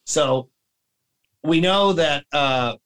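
A man's voice: fairly high pitch, extremely slow, fairly bright tone, poor audio. A man on a podcast in rambling, heated casual chat, often slipping into mocking voices.

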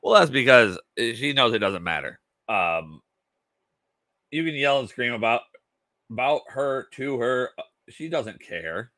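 A man's voice: medium pitch, expressive, measured pace, sharp tone, no room sound. A tired man hosting a podcast, reacting to clips with sarcastic, profane commentary. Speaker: podcast host.

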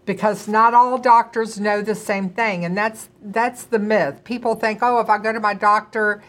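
A woman's voice: medium pitch, fairly even intonation, normal speed, a bit bright. A middle-aged woman co-hosting a casual talk and speaking earnestly and emphatically to viewers. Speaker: co-host, doctor's wife. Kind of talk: casual conversational chat.

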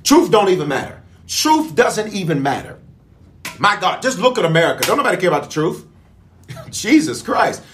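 A man preaches a sermon as bishop, his voice sitting high and leaping up and down. He calls out to his listeners, asks if they are ready, and repeats each key line for emphasis. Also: big pitch swings, moderate pace, a bit bright. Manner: call-and-response preaching, repeats lines for emphasis. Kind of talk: livestreamed sermon.

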